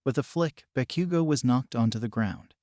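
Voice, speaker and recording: A man reading a fan fiction story aloud in an even, steady narration. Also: mid-range voice, normal speed, dry recording, clean studio sound.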